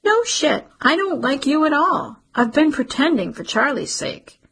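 A woman voicing Cece, an anxious, sharp-tongued young woman, in a shrill, biting voice. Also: big pitch swings, takes it slowly, exaggerated voice. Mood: bitter.

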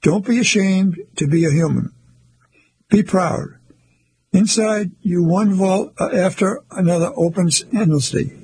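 A husky-voiced man reading the part of a gentle older woman who quotes poetry, speaking slowly and tenderly. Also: high voice, a little hiss or hum.

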